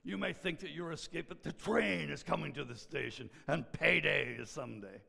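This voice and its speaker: A man voicing a grizzled old male preacher with a thick Southern accent, booming out a slow, drawn-out warning from the pulpit. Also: vocal fry, bright, forceful tone, breathy edge, exaggerated voice. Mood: thundering. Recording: long hall reverb.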